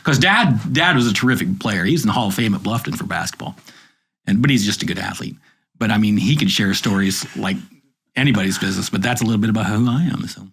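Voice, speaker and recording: A man's voice: on the low side, fast, vocal fry, fairly bright tone, slightly rough. A man, a journalist, chatting in a rambling, enthusiastic storytelling way. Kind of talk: casual chat.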